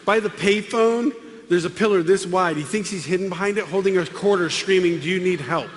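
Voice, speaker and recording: A middle-aged man giving a comic testimony to a live audience, acting out the dialogue with lively voices. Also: high-pitched, a little fast. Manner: animated, acts out dialogue with voices. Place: large hall with live audience. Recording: long hall reverb, faint room noise.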